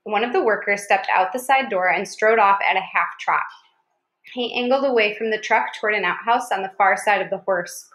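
A woman's voice: medium pitch, a bit bright. A woman narrating a chapter of an audiobook, with small slips and restarts as she reads. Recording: roomy echo.

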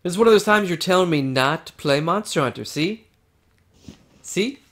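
A man's voice: fairly high pitch, animated, fast, a bit bright. A man chatting casually while playing a video game with a friend, joking and teasing in a playful way. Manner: playful, jokey, mock-regal bits. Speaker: gamer. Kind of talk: casual gaming chat.

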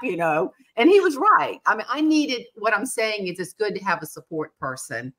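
A woman's voice: medium pitch, normal speed. A middle-aged woman hosting a chat, telling self-mocking stories and acting out what people said. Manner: animated, self-mocking, acts out quotes. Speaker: podcast host. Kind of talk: casual storytelling chat.

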